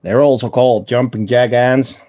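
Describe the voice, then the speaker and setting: A man's voice: mid-range voice, fairly even intonation, normal speed, mellow, lo-fi sound. A man with a Dutch accent, chatting casually with live-stream viewers while showing his ant colonies, with frequent ums. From Netherlands.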